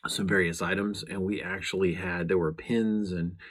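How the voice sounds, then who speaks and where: A man's voice: sits low, fairly even intonation, normal speed, a bit bright, slightly rough. A man who is a law enforcement chaplain and podcast host, talking casually to the camera in an earnest, meandering way with frequent restarts.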